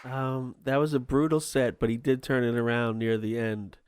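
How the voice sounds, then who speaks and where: A man's voice: medium pitch, fairly even intonation, normal speed, a loud crowd, heavy background noise. A man talking as a podcast guest in casual chat, rambling with many ums.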